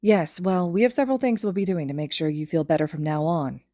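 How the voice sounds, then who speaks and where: Woman reading weary young man, protective, low voice, mellow, troubled. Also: quick pace, dry recording, clean studio sound, natural voice. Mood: calm. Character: young adult male hero, weary and protective.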